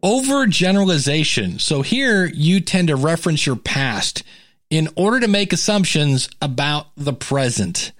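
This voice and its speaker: A man hosting a podcast in a casual, conversational way, animated and acting out quoted thoughts. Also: a little high, a little slow, dry recording, clean studio sound. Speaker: podcast host.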